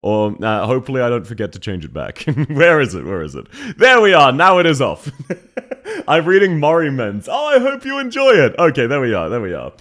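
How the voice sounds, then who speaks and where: A man's voice: mid-range voice, big pitch swings, a little fast, a bit bright. A male streamer chatting casually with his viewers, laughing often and thanking them, slightly congested and coughing. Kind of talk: casual live stream chat.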